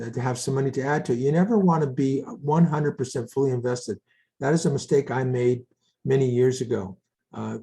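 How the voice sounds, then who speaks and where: An older man speaks in a dark, mellow voice, steady and measured. He warns listeners to be careful with their money in the manner of a seasoned co-host. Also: mid-range voice, gravelly. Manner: measured, cautionary. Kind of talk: casual market chat.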